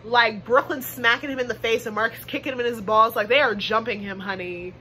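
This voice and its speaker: A woman's voice: on the high side, steady tone, brisk, pushed and bright, a little hiss or hum, low-quality recording. A woman giving a blunt, gossipy confessional with plenty of swearing, as a player in a fan-made reality game roleplay. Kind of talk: confessional monologue.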